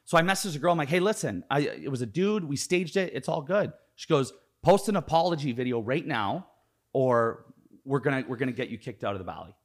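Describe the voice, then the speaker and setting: A man's voice: mid-range voice, expressive, brisk. A man from Canada, a podcast guest, telling a story in casual chat, acting out quotes and swearing a lot.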